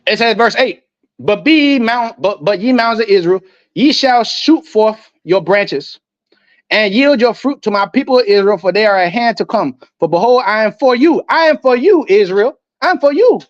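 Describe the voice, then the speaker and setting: A man's voice: high-pitched, expressive, moderate pace, dry recording. A man preaching a heated sermon, reading scripture aloud and cutting in with profane, confrontational asides. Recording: dull, muffled lo-fi audio.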